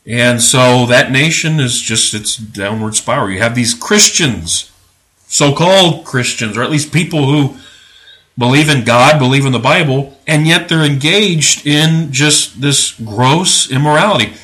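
A man's voice: medium pitch, lively intonation, measured pace, pushed and bright. A man hosting a religious commentary podcast, with a sarcastic, preachy, emphatic and indignant delivery. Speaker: podcast host.

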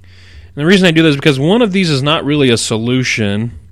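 A man's voice: fairly high pitch, animated, no room sound. Man hosting a dry-sounding Bible teaching program. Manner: measured, explanatory delivery with emphatic stresses.

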